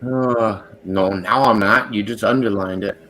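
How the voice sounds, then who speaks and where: A low-pitched man hosts a casual livestream chat over a video call. He jokes, laughs easily and trips over his own words as he talks. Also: measured pace, fairly bright tone, a little hiss or hum. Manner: joking, laughs often, restarts phrases. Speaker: podcast host.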